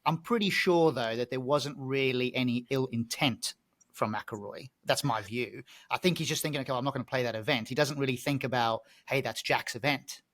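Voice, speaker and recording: A man co-hosting a podcast, giving his opinions in a measured, conversational way. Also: medium pitch, fairly bright tone. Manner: measured, opinionated, with small restarts. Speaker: podcast co-host. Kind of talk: casual podcast chat.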